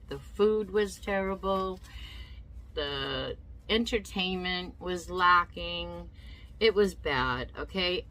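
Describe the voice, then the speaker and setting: A woman's voice: fairly low pitch, bright, forceful tone, rough recording. A woman telling a personal story in a casual vlog, emotional and indignant, often repeating herself. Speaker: vlogger.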